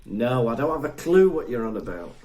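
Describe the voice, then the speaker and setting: A man's voice: mid-range voice, big pitch swings, a little fast, darkish tone. A Welsh man co-hosting a podcast, chatting and teasing in a casual way. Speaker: podcast co-host. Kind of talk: casual comedic chat. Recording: roomy echo.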